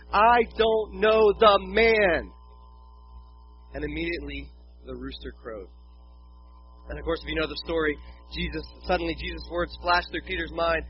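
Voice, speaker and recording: High-voiced preacher, casual and jokey. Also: male voice. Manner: conversational, jokey asides. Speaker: pastor. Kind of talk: sermon. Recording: dull lo-fi with faint music.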